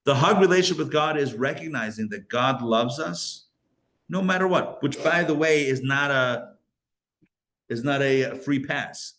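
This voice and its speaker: A male rabbi teaching a live Kabbalah class, animated, asking rhetorical questions and breaking off his own sentences. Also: mid-range voice, normal speed.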